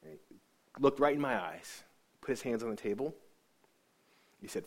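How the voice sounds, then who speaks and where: A man giving an emotional personal testimony about his faith, earnest and halting, often repeating words as he searches for them. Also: mid-range voice, lively intonation. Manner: earnest, halting, repeats himself when moved. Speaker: speaker sharing a faith testimony.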